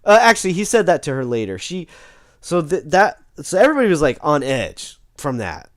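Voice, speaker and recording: A man recaps a tabletop game session in a casual, rambling way. He keeps restarting and correcting himself. His pitch swings widely, and the sound is dry and close. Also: big pitch swings, brisk, dry recording.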